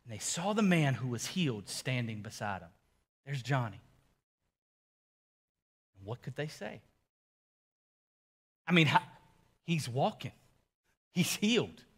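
A pastor preaching a sermon, telling the story in a casual, animated way with emphatic repetition. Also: male voice, mid-range voice, slightly rough.

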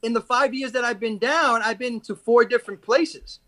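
A man's voice: very high voice, moderate pace, a loud crowd. A man on a podcast as a guest, telling blunt, profane stories in casual chat. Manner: profane, blunt, emphatic storytelling.

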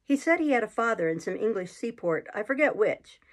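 A woman reading a classic adventure novel aloud in a steady, measured storytelling manner. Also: medium pitch. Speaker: reader.

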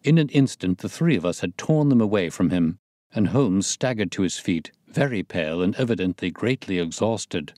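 A man narrating a classic detective story in a measured storytelling manner. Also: deep voice, expressive, a little mellow, no echo, studio quality. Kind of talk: scripted narration.

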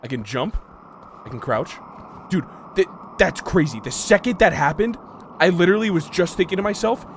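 A young man streaming a horror game, muttering to himself and yelling in fright. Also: on the high side, very animated, moderate pace, a little hiss or hum. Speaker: gaming streamer. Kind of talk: horror game playthrough commentary.

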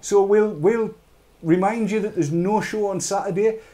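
A man's voice: high voice, fairly even intonation, moderate pace, mellow, slight background noise. A British man hosting a live online chat show, rambling and urging viewers on with jokey asides. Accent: British English.

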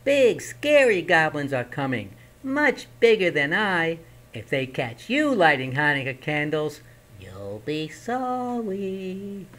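Storybook goblin, small and jittery, high squeaky voice, put on by a man. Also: very animated, slow, a bit bright, heavily acted. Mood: frightened warning. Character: small scared boastful male goblin.

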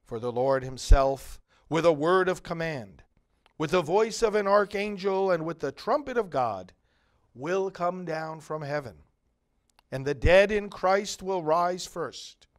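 A middle-aged male priest reading scripture and preaching a homily in slow, measured, solemn phrases. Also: a little high, lively intonation.

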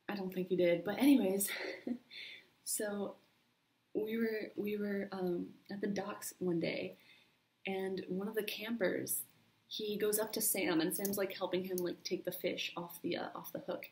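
A woman's voice: mid-range voice, steady tone, a little slow, darkish tone. A young woman vlogger chatting casually through a makeup tutorial, rambling and full of "like", recorded on a built-in computer microphone at home. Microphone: built-in computer mic.

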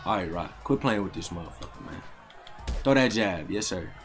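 A young man giving loud, slangy live commentary while playing a fighting game, trash-talking his opponent and swearing often. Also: deep voice, expressive, normal speed, over music. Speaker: gaming streamer.

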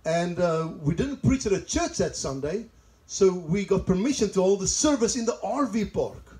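High-voiced South African pastor, mellow tone. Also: male voice, very animated, moderate pace, rough recording. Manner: chatty, laughs at own asides. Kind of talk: sermon with personal stories. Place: church service in a greenhouse.

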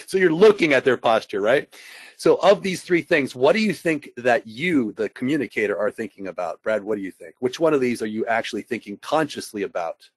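A man's voice: medium pitch, expressive, fairly quick, husky, no echo. A man speaking as a panelist in a business webinar, conversational, often asking his listeners rhetorical questions over a video call.

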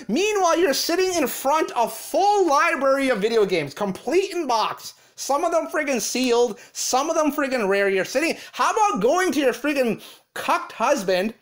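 A woman with a fairly high voice tears into her targets in a nonstop rant. Her talk is profane and insulting, heavy with repeated curse words. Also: sing-song, normal speed. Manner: profane, insulting, repetitive swearing. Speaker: commentary channel host. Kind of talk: angry rant commentary.

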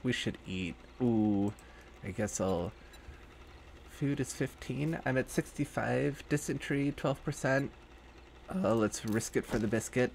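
A man's voice: mid-range voice, measured pace, creaky, a little mellow, slight background noise. A young man hosting a gaming channel, casually thinking aloud as he crafts and plans in his game. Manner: jokey, hammy cowboy put-on at intro. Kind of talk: casual let's-play commentary.

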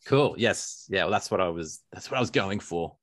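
Deep-voiced Australian man, self-deprecating. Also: lively intonation, normal speed, fairly bright tone, no room sound, clean studio sound. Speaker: author and musician guest. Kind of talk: casual interview chat.

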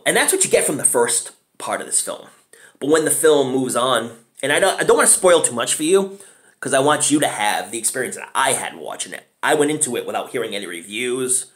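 A man giving a casual, rambling film review, chatty and often clearing his throat. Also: mid-range voice. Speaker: movie reviewer.

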